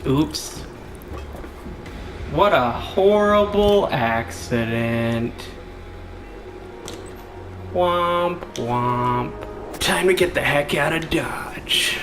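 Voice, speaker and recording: Male gamer, unhurried joking commentary, playful silly delivery. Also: a little high, lively intonation, reverberant, music in the background. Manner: goofy, joking, puts on silly voices. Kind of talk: let's play commentary.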